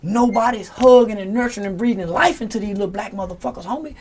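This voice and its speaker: A man's voice: high-pitched, fast, heavy background noise. A man speaking as an interview guest, giving a heated, profane and preachy rant that leans on scripture.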